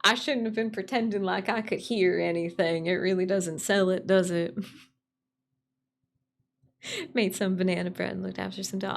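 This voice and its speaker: A woman's voice: medium pitch, fairly even intonation, normal speed, gravelly, long pauses. A young adult woman streaming, chatting casually with her chat, repeating greetings and laughing often.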